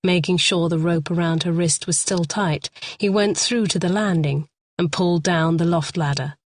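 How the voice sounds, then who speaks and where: A woman narrating a thriller audiobook in a tense, measured storytelling manner. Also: on the low side, slight background noise.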